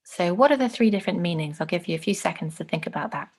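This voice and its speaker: A woman teaching an online lesson on speech delivery, clearly demonstrating phrases with changing intonation. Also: lowish voice, lively intonation, quick pace.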